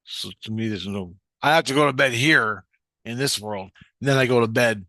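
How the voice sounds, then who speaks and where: Man, rambling spiritual story, swears a lot, sharp bright tone, dry close sound. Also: medium pitch, normal speed, no echo. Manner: profane, meandering, with frequent restarts. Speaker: spiritual vlogger.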